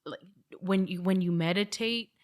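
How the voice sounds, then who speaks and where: A woman's voice: lowish voice, normal speed. A woman hosting an interview, asking questions attentively and murmuring short agreements. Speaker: podcast host. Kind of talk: casual interview.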